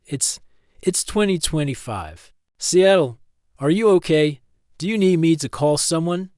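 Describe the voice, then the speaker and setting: A man voicing a bewildered young man woken in the night, who speaks in a hesitant, halting way. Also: on the high side, lively intonation, a little mellow, no echo, studio quality, pitched above the performer's own voice.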